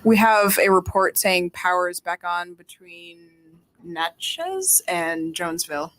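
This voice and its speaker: A woman's voice: fairly low pitch, animated, a little slow, fairly bright tone. A woman from Nevada, weather office staff, carefully and somewhat hesitantly answering viewer questions on a live stream.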